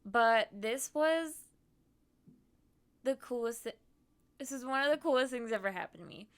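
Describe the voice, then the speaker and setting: A bubbly woman streamer rambling through her trip photos with frequent giggles and fillers. Her voice sits a little high. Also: lively intonation, normal speed, clean tone. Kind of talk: casual chat showing photos.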